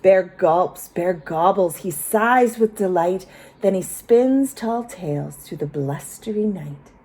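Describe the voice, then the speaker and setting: A woman teacher reading a picture book aloud to children, expressive and inviting them to join in. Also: fairly low pitch, slow.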